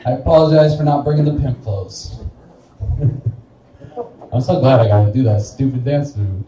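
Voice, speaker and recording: A man's voice: medium pitch, measured pace, pauses often, mellow, muffled recording, slight background noise. A young man from Wichita doing a rambling, self-deprecating stand-up set in a bar, often laughing at his own jokes. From Wichita, Kansas. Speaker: stand-up comedian. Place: small bar, live stage. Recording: echoey bar room, voice from a distance.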